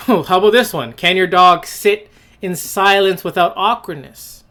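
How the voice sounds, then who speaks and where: A man's voice: high voice, moderate pace, bright, forceful tone. A man hosting a solo opinion podcast, blunt and scornful, firing rhetorical questions and restarting his phrases as he goes. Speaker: podcast host. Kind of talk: opinion monologue.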